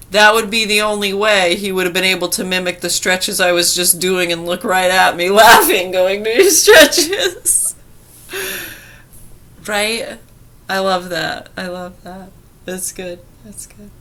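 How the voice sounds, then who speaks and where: A woman vlogging casually, telling a story in a chatty way with frequent laughter. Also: fairly low pitch. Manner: chatty, laughing, animated retelling.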